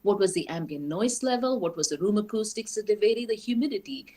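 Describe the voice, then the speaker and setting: A woman giving an academic lecture in a lively, explanatory way, posing rhetorical questions to the audience. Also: medium pitch, fast talker. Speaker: guest lecturer.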